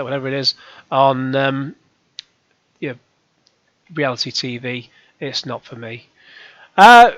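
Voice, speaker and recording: A man's voice: fairly high pitch, a bit bright, no room sound. Rambling middle-aged man with a cold. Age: 40s. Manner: digressive, full of ums and restarts, swears casually. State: has a cold. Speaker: channel host. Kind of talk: rambling casual monologue. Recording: dull lo-fi dry sound.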